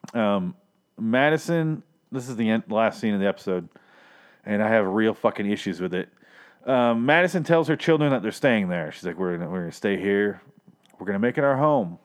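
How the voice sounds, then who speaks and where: A man hosting a show recap, ranting angrily and profanely, with mocking impressions of characters. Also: mid-range voice.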